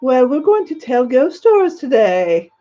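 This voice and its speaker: With highs cut off and faint music behind her, an older woman on a livestream greets her viewers as a gracious, gushing elderly queen, calling them darling in a put-on upper-class English accent. Her high voice is warm and very animated, yet she takes her time.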